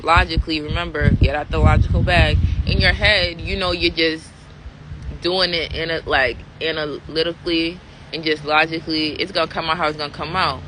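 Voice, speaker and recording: A woman's voice: low voice, fairly even intonation, brisk. Woman musing aloud over background noise. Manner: conversational, full of fillers and "right?" check-ins. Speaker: vlogger. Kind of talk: casual reflective monologue.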